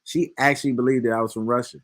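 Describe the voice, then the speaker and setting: A man's voice: medium pitch, fairly even intonation, very fast. A man, hosting a casual podcast chat and telling stories loosely, swearing freely. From Detroit, USA. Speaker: podcast host.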